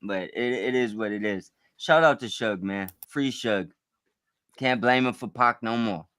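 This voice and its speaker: Man, casual podcast chat, excitable, rambling, bright voice, dry close sound, lowish pitch. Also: measured pace, no room sound.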